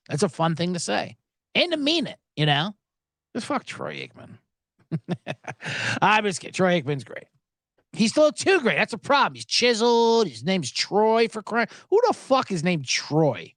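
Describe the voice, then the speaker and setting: A man with a high, lively voice hosts a betting show, swinging all over his range as he jokes and swears. He rambles and trips over his own words, recorded close and dry with no room sound. It is loose, irreverent podcast talk. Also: a little slow, no room sound. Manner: rambling, profane, jokey; stammers and restarts. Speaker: sports betting podcast host. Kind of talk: casual podcast chat.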